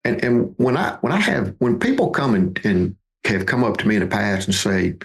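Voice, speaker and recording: Gravelly man in his fifties. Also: on the low side, very animated, moderate pace, hardly any pauses. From Mississippi, USA. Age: 50s. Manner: folksy, repeats words as he restarts. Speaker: podcast guest, duck hunting outfitter. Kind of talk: conversational storytelling.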